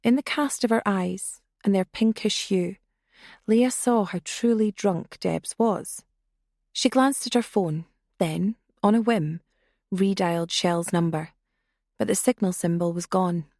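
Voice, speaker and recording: A woman reading a thriller audiobook in a measured narration that grows hushed in tense passages. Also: fairly low pitch, no echo, studio quality. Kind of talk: scripted suspense narration.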